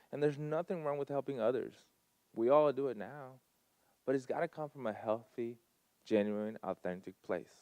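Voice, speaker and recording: A man's voice: medium pitch, darkish tone, no room sound. Man, earnest, repetitive emphasis, testimony talk, dry close sound. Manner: earnest, repeats phrases for emphasis. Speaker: guest speaker at a Sunday service. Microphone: handheld mic.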